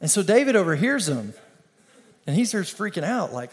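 A man pastor preaching an energetic, conversational sermon with call-and-response. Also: sits high, normal speed.

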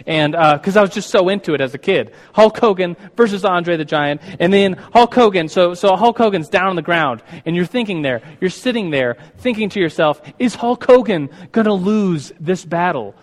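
A man preaching a sermon as pastor, moving from a quiet opening prayer into animated storytelling. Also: on the high side. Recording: long hall reverb.

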